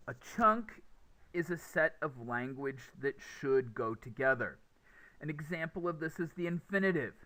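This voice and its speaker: A man teaching English pronunciation in a lecture, speaking deliberately and acting out stressed and unstressed words as examples. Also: a little high, fairly bright tone. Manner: slow, deliberate, demonstrative stress and pauses. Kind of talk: classroom lecture.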